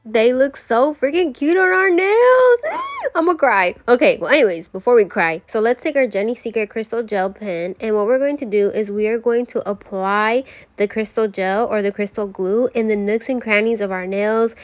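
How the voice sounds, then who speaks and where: Young woman beauty vlogger, bubbly and gushing, casual chat to camera. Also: mid-range voice. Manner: bubbly, gushing, chatty, addresses viewers as friend. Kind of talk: casual nail tutorial.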